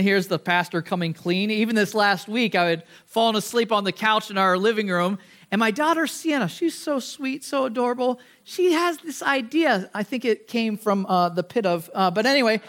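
A man's voice: sits high, a bit bright. A man in his thirties, a pastor giving a conversational sermon, often asking the congregation questions and poking fun at himself. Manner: conversational, asks the audience questions, self-deprecating; self-corrects with restarts.

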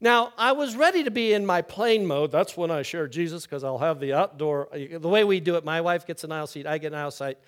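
An older man, the pastor, preaches a sermon in a chatty storytelling manner, swinging between loud, lively stretches and quiet, low ones. He talks a little fast with few pauses.

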